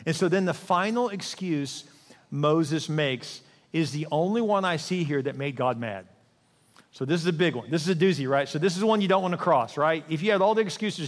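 A man's voice: on the high side, brisk. A man preaching a sermon as a pastor, conversational and self-deprecating. He asks his listeners direct questions and acts out voices of the people in his stories. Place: large church. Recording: long reverb in a large hall.

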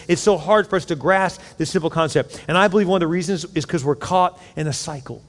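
A man's voice: sits high, fast talker, hardly any pauses, long reverb tail. A male pastor preaching a sermon, acting out people's inner voices as his volume swells and drops. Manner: preaching with acted-out inner voices, rising and falling in loudness.

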